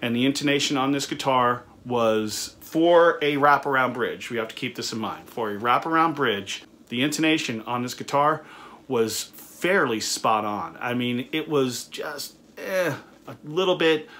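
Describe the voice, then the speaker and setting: A middle-aged man, a studio owner, talks through a budget guitar review in an easygoing, conversational way. His pitch sits in the ordinary middle range for a man. He often restarts his sentences and fills pauses with "uh.". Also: animated, a bit bright. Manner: conversational, frequent fillers and restarts. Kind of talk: casual product review talk.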